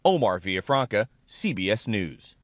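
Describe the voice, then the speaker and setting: A male network correspondent narrating a scripted news feature in a smooth, measured way. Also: fairly low pitch, very animated, no room sound.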